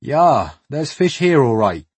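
A man's voice: mid-range voice, big pitch swings, slow, a little mellow, slightly rough, no room sound, voice pushed up, exaggerated voice. A man voicing a burly, hearty West African stranger with a West African accent, chatting in a chummy way. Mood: jovial. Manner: hearty, chummy, sure of himself.

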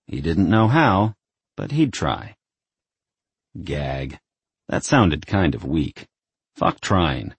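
Low husky male audiobook narrator, animated and wry, dry studio. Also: very slow, long pauses, no room sound. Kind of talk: scripted narration.

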